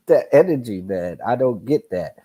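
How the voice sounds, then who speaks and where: A young man hosting a casual boxing chat, animated and profane, often mimicking other people in a raised voice. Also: medium pitch, unhurried, slightly rough. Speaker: podcast host.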